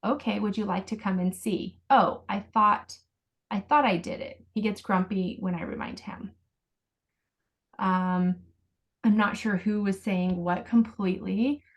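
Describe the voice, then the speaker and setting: A woman coaching a parent over a video call. Her pitch sits in the middle, and she explains things patiently, one step at a time. Now and then she acts out the phrases a parent might say. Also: unhurried, lo-fi sound.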